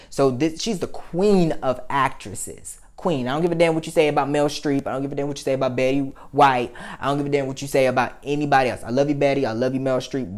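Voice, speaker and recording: Young man vlogger, mid-range voice, rambling and blunt, swears freely. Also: mid-range voice. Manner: rambling, candid and profane, voice climbing when worked up. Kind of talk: casual emotional monologue.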